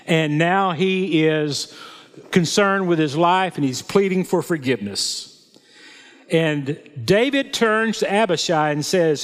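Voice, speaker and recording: A man preaching a sermon, reading scripture and applying it in a slow, deliberate manner. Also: fairly high pitch, expressive. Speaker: pastor. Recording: long reverb of a hall.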